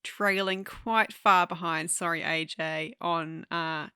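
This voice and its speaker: Female scorekeeper, lowish voice, bright tone, dry close sound, deadpan. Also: slow, smooth, dry recording. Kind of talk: casual podcast chat.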